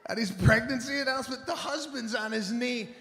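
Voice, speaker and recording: A male stand-up comedian telling stories in an animated, exasperated way, slipping into acted-out voices. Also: extremely high pitch, fairly quick, slight background noise. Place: large theater with a live audience. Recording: live hall recording with crowd laughter.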